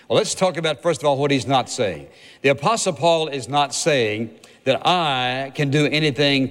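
Earnest man preaching in a reverberant hall. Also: fairly high pitch. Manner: earnest, deliberate, emphatic repetition. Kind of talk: sermon.

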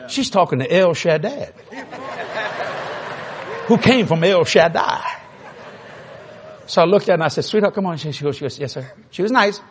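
Lively high-voiced man preaching. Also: moderate pace, long pauses, slight background noise. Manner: animated, laughing, bursts into shouts. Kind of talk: sermon with storytelling.

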